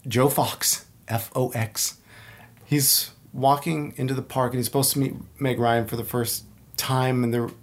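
A man chatting as a guest, telling stories in an animated way, laughing often and acting out lines. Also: medium pitch, unhurried. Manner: animated storyteller who laughs often and acts out movie lines. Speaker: podcast guest. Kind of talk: casual chat.

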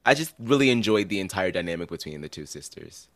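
A man appears as a guest on a podcast, joining the chat in an upbeat way. His voice sits fairly low. The sound is dry. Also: animated, quick pace, a bit bright, no echo. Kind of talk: casual chat.

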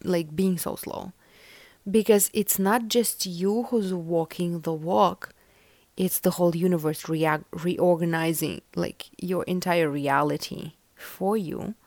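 A woman's voice: on the low side, fairly even intonation, takes it slowly, darkish tone, no echo. A young woman hosting a podcast, chatting casually and giving a collective tarot reading, meandering with many fillers. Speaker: podcast host.

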